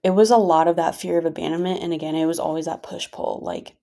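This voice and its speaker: A woman's voice: sits low, fairly even intonation, fast, creaky, mellow. A woman vlogger venting casually to her viewers, frustrated and rambling with many fillers.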